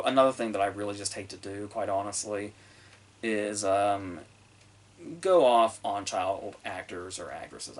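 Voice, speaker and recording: With a fairly low but fairly bright voice, a man hosts a movie review podcast. His take on the film wanders casually, peppered with swearing, fillers and sentences he keeps starting over.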